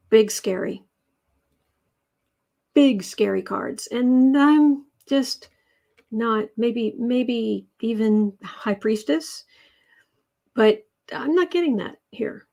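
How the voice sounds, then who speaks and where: A woman's voice: fairly high pitch, extremely slow, vocal fry, pauses often, dark tone. A woman hosting a casual livestream tarot reading, chatty and rambling as she reads out viewer comments. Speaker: tarot reader and channel host.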